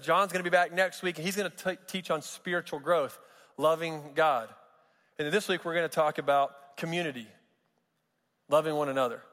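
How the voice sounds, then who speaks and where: A man's voice: on the high side, fairly bright tone. Male pastor, chatty preaching with jokes, echoing church hall. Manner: conversational, joking asides, frequent restarts. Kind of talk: sermon. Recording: long reverb of a large hall.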